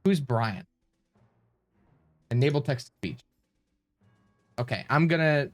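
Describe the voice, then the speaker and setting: A flustered male streamer talks through his stream settings, rambling and thanking viewers as he goes. His voice sits at an ordinary middle pitch, and faint music plays behind him. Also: expressive, takes it slowly, pauses often. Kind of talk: live-stream chatter.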